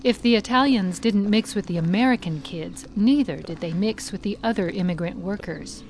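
A woman gives measured, scripted narration at a steady pace. Her pitch sits in a plain middle range, and a faint hum of ambient noise lies behind her.

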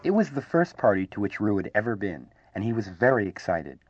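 Lively low-voiced man reading a storybook. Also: a little fast, muffled recording, over music. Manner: animated, expressive narration.

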